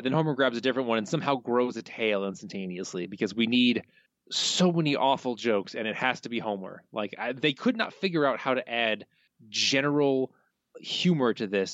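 A man's voice: mid-range voice, a little fast, a bit bright, no echo. A man co-hosting a podcast, picking an episode apart in a dry, sardonic way. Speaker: podcast co-host. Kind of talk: casual podcast discussion. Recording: dull, lo-fi dry sound.

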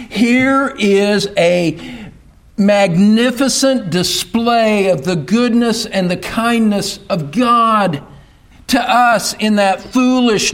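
A male pastor delivers a sermon from the pulpit in a high voice, taking his time over each phrase. He speaks with emphasis and builds toward loud rhetorical questions. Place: church pulpit.

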